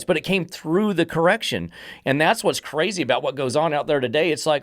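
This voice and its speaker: A man's voice: fairly high pitch, brisk, no echo, clean studio sound. A man who trains dogs and hosts a podcast, talking bluntly and emphatically and sometimes swearing. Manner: blunt, emphatic, swears, acts out dogs' thoughts. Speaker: dog trainer and podcast host. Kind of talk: casual podcast chat.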